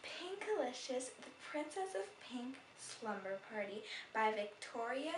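Animated woman reading a children's story. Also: fairly high pitch, unhurried. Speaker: storybook reader. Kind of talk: read-aloud children's story. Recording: roomy distant recording, faint noise.

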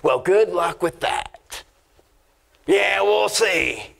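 A man's voice: high voice, lively intonation, normal speed, creaky, fairly bright tone, heavily acted. A man voicing a critical duck hunter who grumbles dismissively about his friend's dog, in a joke told during a sermon. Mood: scoffing.

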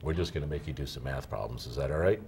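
A man's voice: extremely low pitch, racing, vocal fry, darkish tone, slight background noise. A man hosting a math TV show from a studio, teaching in a patient, classroom style and checking in often with his listeners. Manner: patient, coaxing, checks in often with "all right?".

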